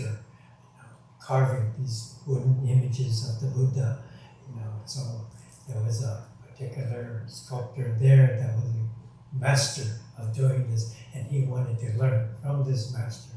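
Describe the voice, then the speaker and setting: A man gives a calm sermon in a very deep, mellow tone. The sound is strongly echoey and picked up from a distance, as in a large temple hall. He speaks unhurriedly, with pauses and quick "right?" check-ins. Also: a little hiss or hum. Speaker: Buddhist minister. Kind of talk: sermon with storytelling. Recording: very echoey hall, mic far off.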